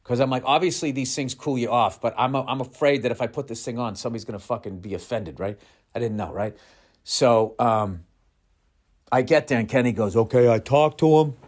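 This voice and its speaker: Middle-aged comedian guy rambling thru a story, swears a lot, mocks himself, mid-pitched voice. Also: fairly quick. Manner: rambling, profane, self-mocking. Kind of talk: storytelling podcast monologue.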